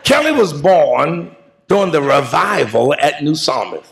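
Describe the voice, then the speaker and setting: A man preaching a funeral eulogy in a call-and-response style, moving into shouts and half-sung lines. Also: fairly high pitch, sing-song, measured pace, creaky, slight background noise. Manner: preaching cadence, rising to shouts and sung phrases. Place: large church sanctuary.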